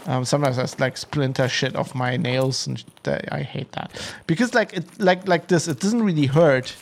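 A man co-hosting a podcast, chatting casually outdoors, rambling and halting with many fillers and restarts. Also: a little high, creaky. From Germany. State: out of breath. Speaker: podcast co-host. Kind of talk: casual chat. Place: outdoors at an industrial park.

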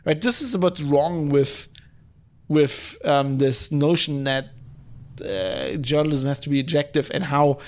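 Man, solo podcast host, fired up and cursing, voice sits a touch high. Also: a little slow. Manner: heated, profane, repeats himself when worked up. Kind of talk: solo podcast commentary rant.

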